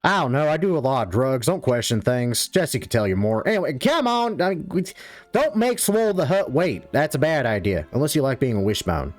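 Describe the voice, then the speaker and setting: A man's voice: medium pitch, big pitch swings, a little fast, no room sound, faint music behind, natural voice. Man playing a jittery, babbling Hutt lackey. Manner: babbling, sarcastic, stammering. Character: jittery male lackey of a Hutt, flippant and cowardly.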